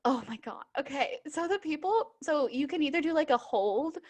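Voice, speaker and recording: Chatty young woman, rather high voice. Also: animated, normal speed. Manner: chatty, full of "like" and restarts. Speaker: podcast co-host, bookseller. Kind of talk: casual chat.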